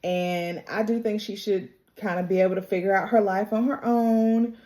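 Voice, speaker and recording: A woman's voice: medium pitch, fairly even intonation, normal speed, warm tone. A woman recapping a TV episode in a casual, chatty way, with a slangy, colloquial manner, acting out the characters' lines and laughing often. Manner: chatty storyteller, acts out quotes, laughs often. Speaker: TV recap vlogger.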